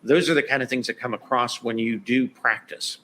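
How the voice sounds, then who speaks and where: A man's voice: mid-range voice, steady tone, a little fast, pushed and bright, slight background noise. A man guest on a podcast interview, talking casually with lots of "you know" and "right?". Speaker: guest expert.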